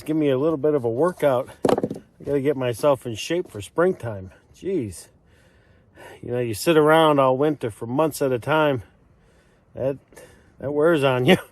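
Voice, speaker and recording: A man's voice: a little high, no echo. Winded man talking outdoors in snow. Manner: rambling, self-deprecating, lots of fillers. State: out of breath. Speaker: homesteader vlogger. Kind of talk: casual vlog talk while working outdoors. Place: outdoors on a snowy wooded road.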